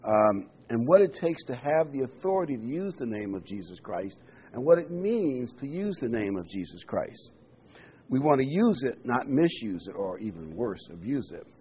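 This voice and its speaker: A man preaching a sermon, reading Bible verses aloud and explaining them with lively asides and a joke. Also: medium pitch, normal speed, a little hiss or hum. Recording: dull lo-fi sound.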